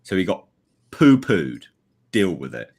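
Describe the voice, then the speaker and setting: A man's voice: low voice, big pitch swings, a little slow, vocal fry, a little mellow. A man giving blunt, sweary, sarcastic livestream commentary as a regular panelist.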